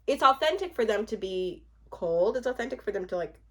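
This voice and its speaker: Young woman in her twenties, casual reaction commentary, bouncy lively delivery, slightly high voice, talky with frequent laughs. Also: fairly quick. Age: 20s. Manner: chatty, laughs often, trails off and restarts. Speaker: reality TV commentator.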